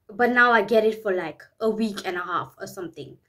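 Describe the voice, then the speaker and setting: Woman vlogger, rambling, candid, repeats herself, mid-pitched voice. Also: moderate pace, a bit bright. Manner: earnest and open about private matters. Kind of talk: candid personal vlog talk.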